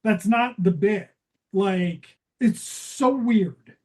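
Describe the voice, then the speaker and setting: A woman's voice: medium pitch, very slow, darkish tone. A woman co-hosting a comedy podcast, sarcastic and profane, quoting the characters as she recaps a TV episode. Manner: sarcastic, profane, quotes characters in put-on voices. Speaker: podcast co-host.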